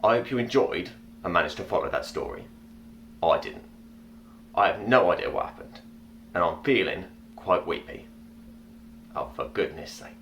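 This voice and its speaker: Man performing a celebrity impression: very low voice, earnest and deliberate storyteller, faint line hiss. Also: very animated, fairly bright tone, full character voice. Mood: bewildered. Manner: earnest, deliberate reading of tongue-twisting rhymes. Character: male celebrity impression, a grown man reading a silly story. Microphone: webcam or laptop mic on a video call.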